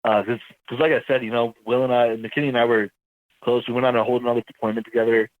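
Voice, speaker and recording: A man, an army veteran, telling his story in a casual interview, rambling and halting as he corrects himself. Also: mid-range voice, little pitch movement, no echo, narrow, tinny audio.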